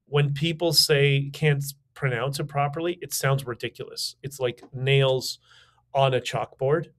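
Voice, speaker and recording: A man hosting a livestream, giving casual, opinionated commentary with many fillers, restarts and sardonic asides. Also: a little high. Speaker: podcast host.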